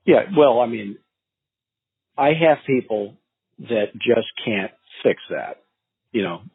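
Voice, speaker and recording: A man who coaches real estate sales, telling stories and advice in a podcast interview, acting out calls in an animated way. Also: medium pitch, takes it slowly, gravelly, breathy edge. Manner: animated storyteller, acts out phone calls. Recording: tinny phone-line sound.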